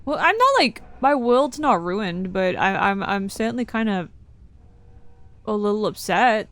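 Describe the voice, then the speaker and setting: A woman's voice: medium pitch, lively intonation, a little slow, fairly bright tone, dry recording. A young woman live-streaming a game from her desk at home, chatting casually with lots of swearing and laughing asides.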